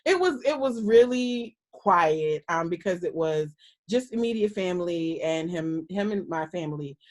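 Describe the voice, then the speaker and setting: A woman's voice: fairly low pitch, animated, a little slow. A woman guest, a minister, telling a personal story in an interview in a candid, earnest way, acting out the lines of the people in it.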